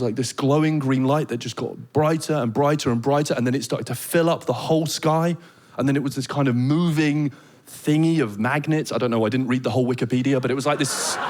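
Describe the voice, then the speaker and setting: A stand-up comedian from Britain with a British accent, telling animated stories and laughing along. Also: male voice, on the high side, fairly quick.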